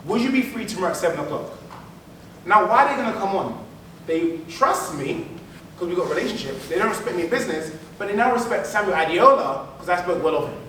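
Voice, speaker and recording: A man giving an animated motivational business keynote, repeating phrases for emphasis. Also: high voice, quick pace. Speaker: keynote speaker. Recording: echoey hall, mic from far off, faint noise.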